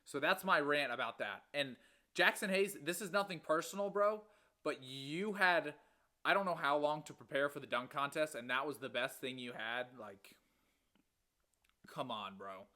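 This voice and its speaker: A man's voice: a little high, moderate pace, bright, forceful tone. A man in his twenties co-hosting a casual sports podcast, ranting with exasperation and casual swearing. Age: 20s. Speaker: podcast co-host.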